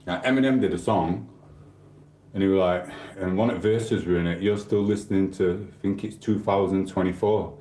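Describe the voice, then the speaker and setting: A man's voice: low voice, dark tone, reverberant. A man hosting a stream, rambling in casual chat with swearing and asides to viewers. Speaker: livestream host.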